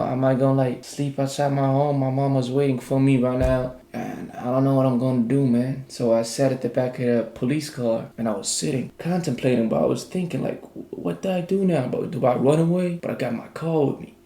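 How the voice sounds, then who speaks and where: A man's voice: medium pitch, roomy sound. A young man casually telling a personal story in a rambling, slangy way, acting out the dialogue. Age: young adult. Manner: rambling, slangy, animated retelling with quoted dialogue.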